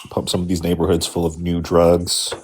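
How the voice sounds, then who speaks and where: A man co-hosting a podcast, adding quiet short remarks in casual chat. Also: low voice, monotone, moderate pace, a little hiss or hum.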